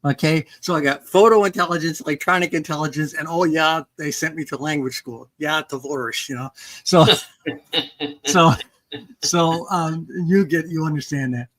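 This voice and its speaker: An older woman author telling a story in casual conversation, animated, acting out dialogue with some restarts. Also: deep voice, moderate pace.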